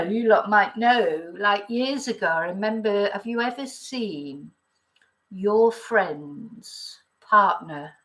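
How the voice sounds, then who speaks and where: A middle-aged woman hosts a relaxed live chat. She rambles from thought to thought, greets commenters by name and laughs easily as she talks. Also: medium pitch, low-quality recording. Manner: chatty and rambling, reads viewer comments, laughs often. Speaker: YouTube chat host. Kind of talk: casual live-chat talk.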